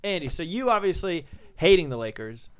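A man co-hosting a sports podcast in casual chat, dry and low-key. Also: very animated, fairly quick, smooth. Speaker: podcast co-host.

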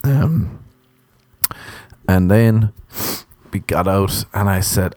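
A low-voiced Irish man spins a comic story in a sardonic, deadpan way, with plenty of swearing. The sound is dry and close. He talks like a comedian chatting casually. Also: drawn-out words, dry recording. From Ireland. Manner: sardonic, profane, deadpan understatement.

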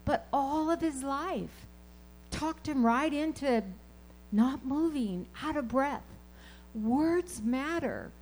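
A woman preaching a sermon, telling personal stories in an animated, emphatic way and repeating her key phrases. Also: sits high, slow pace, soft background music, low-quality recording.

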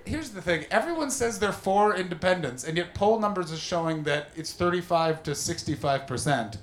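A man in his thirties doing a stand-up comedy set, telling animated stories and teasing the crowd. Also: high-pitched, normal speed. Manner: animated storytelling, mocking crowd work with put-on voices. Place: comedy venue with live audience. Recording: roomy live venue echo.

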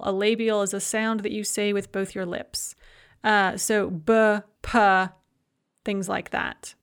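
A woman teaching a language grammar lesson, explaining verb forms in a clear, methodical way and slowing down to spell out each form. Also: medium pitch. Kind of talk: recorded grammar lecture.

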